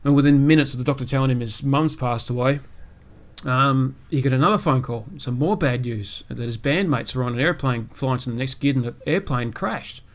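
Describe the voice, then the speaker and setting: A podcast host with a medium-pitched, brisk voice tells a long joke on his gaming podcast. He rambles casually, full of fillers and asides.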